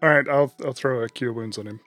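A man playing a tabletop role-playing game, relaxed and often laughing as he describes what his character does. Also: mid-range voice, fast, no room sound, faint music behind. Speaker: player. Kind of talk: tabletop game play, casual banter.

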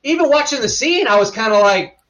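A man with a high, bright, forceful voice that swings widely in pitch. He chats about a movie with excitable energy and acts out his own reactions. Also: brisk. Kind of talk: casual movie-review chat.

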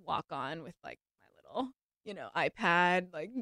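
Young woman, podcast guest, lively swooping pitch, dry close sound, laughs a lot. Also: unhurried, no room sound. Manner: animated, laughs often, many "like" fillers. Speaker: guest actress. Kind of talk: casual interview chat.

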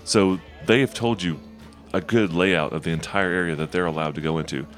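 A man's voice: deep voice, brisk, a bit bright, soft background music. A man running a tabletop game as game master, narrating in an easygoing way and laughing often. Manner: easygoing, laughs often, voices tavern guards.

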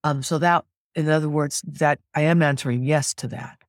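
Middle-aged singer as interview guest; rambling and lively, mid-range voice, dry close recording. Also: mid-range voice, moderate pace, no echo. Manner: rambling and animated, with frequent restarts. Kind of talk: candid conversational storytelling.

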